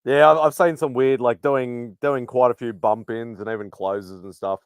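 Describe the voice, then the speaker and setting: A man, a panel guest in a casual chat, laid back and quick to chuckle. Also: medium pitch, fairly even intonation, smooth, no echo, studio quality.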